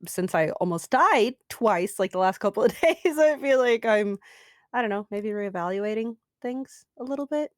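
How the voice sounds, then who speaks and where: A woman's voice: on the high side, expressive, moderate pace, no room sound, clean studio sound. A woman playing her character in a tabletop game, hesitant and often laughing. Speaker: player. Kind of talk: in-character tabletop role-play.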